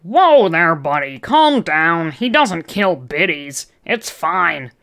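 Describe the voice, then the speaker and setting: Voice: mid-range voice, big pitch swings, slow pace, a bit bright, full character voice. A reader voicing a laid-back, teasing male skeleton creature in a fan story read aloud, speaking with an easygoing drawl. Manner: easygoing drawl, calls others buddy.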